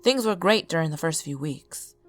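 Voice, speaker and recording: A woman voicing a weary, haunted drifter man who talks in a flat, even way, in a spoken horror story. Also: low voice, normal speed, faint music behind. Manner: flat, even, burdened delivery.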